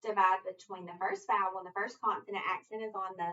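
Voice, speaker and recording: Bright-voiced woman teaching phonics. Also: mid-range voice, steady tone, recorded from a distance. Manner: slow, deliberate, prompting a student to finish rules. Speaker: reading tutor. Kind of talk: structured phonics lesson. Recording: muffled audio from away from the mic.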